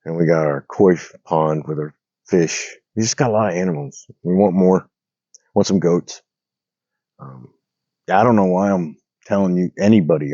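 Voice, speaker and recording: A man's voice: sits low, dark tone, dry recording, lo-fi sound. A man with a cold, talking casually and rambling to a phone camera outdoors at night, full of fillers and restarts. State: has a cold, slightly hoarse. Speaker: vlogger reading the Bible. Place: outdoors at night on rural land. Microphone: phone propped on a log.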